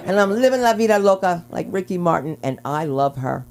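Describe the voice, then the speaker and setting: A woman's voice: fairly low pitch, expressive, brisk, hardly any pauses. A woman hosting an open mic on a small comedy club stage, telling rambling stand-up stories in a brash voice into a handheld mic. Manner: brash, rambling, swings into loud character voices.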